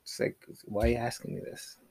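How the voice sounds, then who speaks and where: Gravelly rambling podcast guy. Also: medium pitch, steady tone, fairly quick, darkish tone. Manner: rambling, frequent fillers and restarts, casual swearing. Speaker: podcast host. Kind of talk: casual solo podcast monologue.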